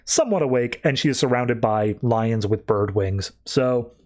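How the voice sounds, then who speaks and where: A man's voice: medium pitch, normal speed, darkish tone. A man hosting a podcast, recapping comics in a chatty way with plenty of fillers. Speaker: podcast host. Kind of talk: casual comic book recap.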